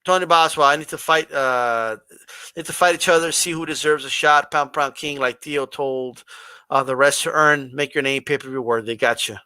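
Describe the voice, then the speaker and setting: A man's voice: a little high, moderate pace, clean tone, no echo. A man hosting a boxing livestream, answering chat in a combative, confrontational way with pointed rhetorical questions. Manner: mocks a flat monotone voice. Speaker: boxing channel host reading live chat. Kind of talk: livestream talk.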